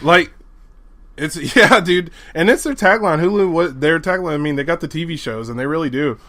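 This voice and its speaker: A man co-hosting a podcast in casual chat, excitable and laughing often as he talks. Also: on the high side, moderate pace, no echo. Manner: excitable, laughs a lot while talking. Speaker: podcast co-host.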